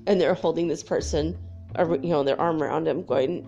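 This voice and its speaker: A woman's voice: low voice, fairly even intonation, moderate pace, gravelly, mellow, highs cut off, soft background music. A woman talking candidly to her viewers about faith and her past, emotional and laughing often, sometimes swearing. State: tearful at times. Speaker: spiritual vlogger. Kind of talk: casual confessional talk to viewers.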